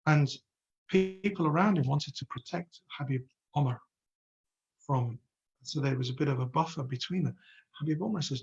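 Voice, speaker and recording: A man's voice: fairly high pitch, normal speed, pauses often, slightly rough, muffled recording. A man giving a live online religious lesson in an earnest way, often asking his listeners rhetorical questions. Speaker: religious teacher.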